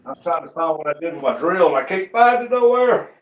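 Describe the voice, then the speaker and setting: An older man chats in a folksy, easygoing way while greeting viewers. His voice sits a little high. The sound is dull and lo-fi. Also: expressive, a little fast. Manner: folksy, laid-back, greets viewers by name. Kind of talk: casual live-stream chat.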